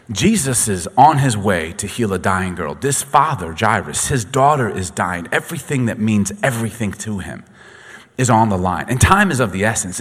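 A man preaching a sermon, dramatic and swinging from quiet to loud, in a long echoey hall. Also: fairly low pitch, breathy edge. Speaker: pastor.

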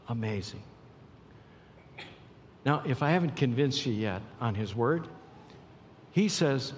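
A man preaching a sermon as pastor, swinging between hushed, slow lines and loud, excited bursts. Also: on the high side, a little hiss or hum. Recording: long hall reverb.

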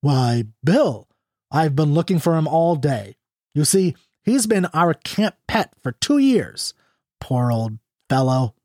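A man reading aloud and voicing a sly, smooth-talking young cowboy with an earnest, gently mournful way of speaking. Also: a little high, big pitch swings, takes it slowly, no echo, clean studio sound, full character voice. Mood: earnest, sorrowful.

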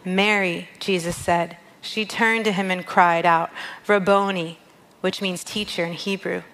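A woman's voice: on the low side, fairly even intonation, a little slow, fairly bright tone, low-quality recording. A woman giving a heartfelt, conversational devotional talk and reading scripture aloud. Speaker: worship leader sharing a devotional. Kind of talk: devotional teaching.

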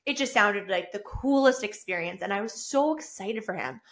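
A woman's voice: mid-range voice, normal speed. A woman hosting her own solo podcast, talking in an effusive, upbeat way that rambles with restarts. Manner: effusive and upbeat, gushing with excitement. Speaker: podcast host. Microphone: own camera and mic.

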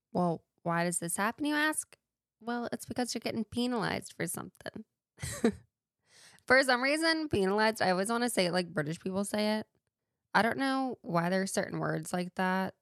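A woman's voice: lowish voice, no echo, clean studio sound. A woman hosting a casual solo talk show with a playful, chatty way of wandering into tangents. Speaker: podcast host.

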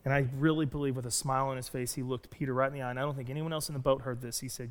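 A man preaching a sermon as pastor, telling a story with animated delivery and acting out the lines he quotes. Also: mid-range voice, rapid-fire, hardly any pauses. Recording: long reverb of a church hall.

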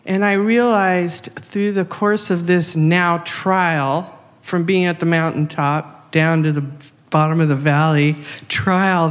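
A woman tells a personal story from the front of a church. She speaks slowly and animatedly, acting out the lines of everyone in it. Her voice rings out with a long reverb from the large hall. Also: medium pitch. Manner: animated, acts out quoted speech. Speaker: missionary sharing a testimony. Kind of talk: storytelling testimony.

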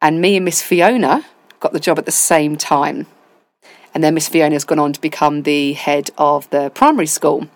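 A woman who is a deputy head of school, talking casually in an interview and telling animated stories with quoted asides. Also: low voice, normal speed, no echo.

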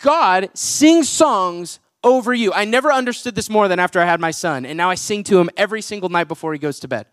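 A young adult man, a pastor and worship leader, preaches a casual, joking sermon to his congregation in a church auditorium, chatty and full of "like" fillers. His voice is high-pitched, expressive and a bit bright, moving a little fast with hardly any pauses. The sound is clean studio quality with no echo.

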